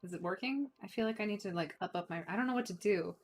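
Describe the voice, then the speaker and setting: A woman's voice: mid-range voice, fast talker, slight background noise. Chatty woman streaming a game. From United States. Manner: chatty, playful, giggly, talks to chat. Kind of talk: casual chat while gaming.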